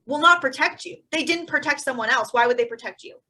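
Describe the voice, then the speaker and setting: Bright, animated young woman co-host. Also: sits high, low-quality recording. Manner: animated, sarcastic, quick bursts. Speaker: podcast co-host. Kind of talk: casual chat.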